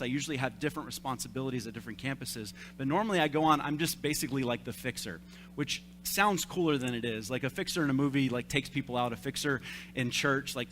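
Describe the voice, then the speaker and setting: A man in his thirties preaches a casual, story-driven sermon with a self-deprecating humor. His voice sits at a middling pitch. A faint hum runs under the recording. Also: fairly bright tone. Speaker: young adults pastor. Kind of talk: conversational sermon. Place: church service.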